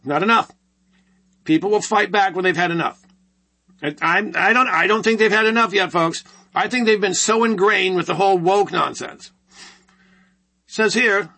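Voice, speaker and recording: A man's voice: high-pitched, animated, normal speed, gravelly, long pauses, bright, forceful tone, breathy edge. A man hosting a monologue show, giving rambling, sarcastic commentary full of rhetorical questions. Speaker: show host.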